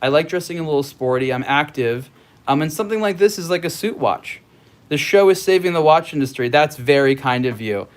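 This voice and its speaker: A man's voice: a little high, lively intonation, fairly quick. Rambling man chatting from home. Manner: rambling, thinks aloud with many restarts and fillers. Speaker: host. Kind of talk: casual livestream chat reading viewer comments.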